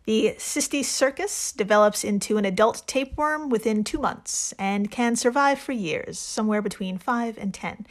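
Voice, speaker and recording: A woman's voice: a little high, normal speed, few pauses. A woman hosting a casual chat podcast, telling facts playfully and laughing often. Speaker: podcast host.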